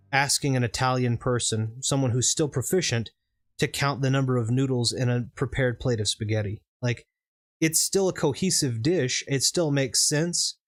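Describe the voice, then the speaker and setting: A man from the southern United States, with no trace of a regional accent, chats casually over gameplay. He rambles and wanders between thoughts in an ordinary mid-range voice, with faint music playing underneath. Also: mid-range voice. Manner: rambling, discursive talk. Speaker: gaming channel co-host.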